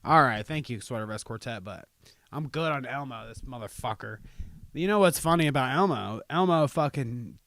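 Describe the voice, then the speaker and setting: A man's voice: mid-range voice, lively intonation, moderate pace, fairly bright tone, no room sound, studio quality. A young man hosting a casual livestream podcast, ranting sarcastically with lots of swearing. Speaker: podcast host.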